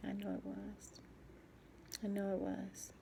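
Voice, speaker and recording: A woman speaking in a halting, soft personal video diary, often dropping to a whisper and repeating herself as she searches for words. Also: mid-range voice, monotone, vocal fry, slight background noise. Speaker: vlogger.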